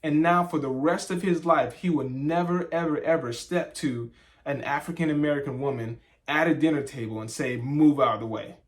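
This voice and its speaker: A young man chatting casually on a couple's vlog, telling a story with lively energy and acting out the voices of the people in it. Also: on the high side, normal speed. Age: young adult. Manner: animated storyteller, acts out voices in quotes. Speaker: vlogger, husband. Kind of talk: casual sit-down chat.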